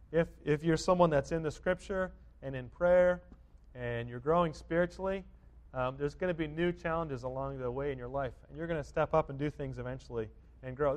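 A man preaching a sermon, earnest and repetitive, moving between quiet reflection and loud, emphatic urging. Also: mid-range voice. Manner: earnest, repetitive exhortation with frequent restarts. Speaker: pastor.

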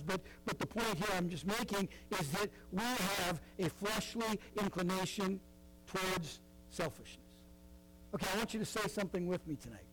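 A man's voice: sits high, noisy background. A middle-aged man preaching a sermon in a conversational way, with frequent asides and fillers. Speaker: pastor.

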